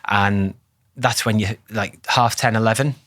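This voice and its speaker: A man with a fairly low voice co-hosts a podcast as a cardiologist. He explains health topics in a loose, matter-of-fact way. He swears freely and laughs along the way. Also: steady tone, a little slow, fairly bright tone. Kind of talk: casual podcast chat.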